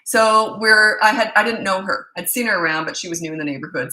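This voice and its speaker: A woman parenting coach talks straight to camera in a blunt, emphatic way, hammering her points home by repeating them. Her voice is bright and forceful, and the room gives it a noticeable echo. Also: medium pitch, fast, hardly any pauses. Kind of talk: casual advice monologue.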